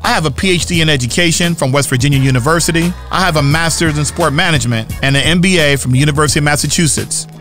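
A man's voice: fairly high pitch, rapid-fire, few pauses, fairly bright tone. Man announcing a show intro over music. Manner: proud, announcing delivery. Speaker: podcast host.

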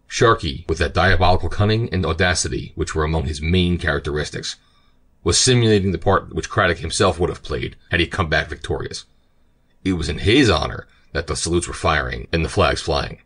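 A man narrating an adventure audiobook in a steady, measured way. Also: sits low, slightly rough. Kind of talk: scripted narration.

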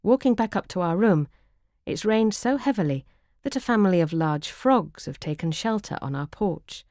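A woman narrates her own travel memoir in an audiobook reading. Her voice sits very low and she keeps a dry, wry, measured delivery. The sound is close and dry with no room around it. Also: a little mellow, dry recording.

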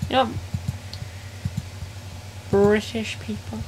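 A woman's voice: mid-range voice, fairly even intonation, extremely slow, background noise. A woman live-streaming a game, chatting casually in slangy speech and reacting aloud to chat.

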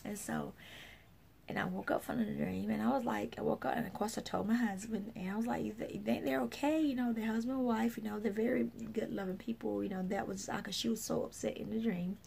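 Woman with a heavily gravelly voice. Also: mid-range voice, steady tone, fairly quick, darkish tone, slight background noise. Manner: rambling, full of fillers and restarts; acts out other people's remarks. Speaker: minister. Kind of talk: casual spoken testimony.

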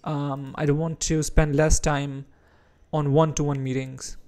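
Streamer, man slow-talking Indian chess streamer. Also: fairly high pitch, level tone, a little mellow, clear, resonant tone. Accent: Indian English with American and British touches. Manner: unhurried, chatty, reacts aloud to his own moves. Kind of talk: casual live-stream chat while playing chess.

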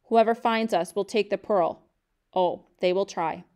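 A woman reading aloud as a young pearl diver, tense and watchful, protective of his family. His lines come plain and low-key in a smooth, clear voice, as in a storybook reading. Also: measured pace, darkish tone, natural voice. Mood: grim. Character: young male pearl diver, wary and fierce.

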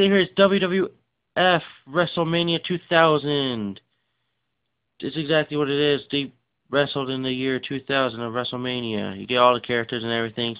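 A game collection vlogger, sounding tired, rambles through a casual, unscripted show-and-tell, his medium-pitched voice smooth and resonant. He rushes along with plenty of fillers and quick asides, as though displaying items as he goes. The audio is dull and lo-fi.

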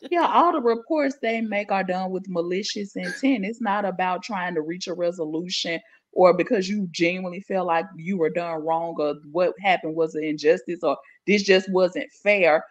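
A woman guest on a casual panel chat who speaks in a steady, blunt and profane way. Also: on the low side, moderate pace. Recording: muffled lo-fi audio.

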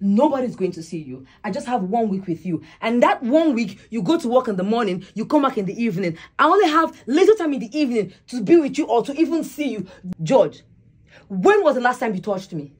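A woman's voice: a little high, very animated, brisk. A young woman acting a bossy, neglected wife in a web skit, commanding and scolding, then complaining bitterly. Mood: aggrieved.

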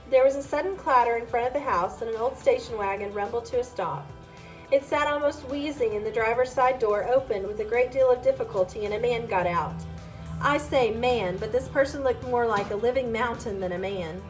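A woman's voice: fairly high pitch, a little fast, soft background music, rough recording. A woman reading a chapter book aloud, narrating steadily in the first person. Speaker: reader. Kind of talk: storybook read-aloud.

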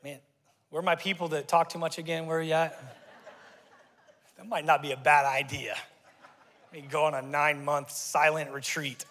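A man's voice: on the high side, flat delivery, moderate pace, long pauses, a bit bright, long reverb tail. A middle-aged male pastor preaching a sermon in a conversational, playful way.

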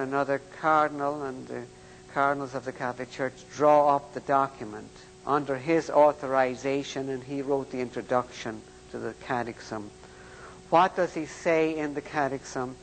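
An older man preaching in a slow, emphatic, deliberate way. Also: mid-range voice, in a large hall, slight background noise, rough recording. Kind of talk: sermon-style lecture.

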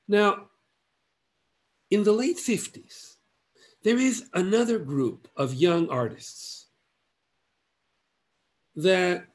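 Slow, measured male art lecturer. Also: a little high. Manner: measured, halting phrases with long pauses. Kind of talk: illustrated art history lecture.

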